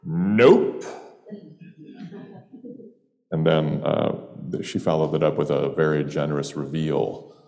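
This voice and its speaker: A man's voice: extremely low pitch, little pitch movement, moderate pace, creaky, warm tone, long reverb tail. A man from upstate New York telling a humorous personal story in a wry, meandering way with playful digressions. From Jamestown, New York, US.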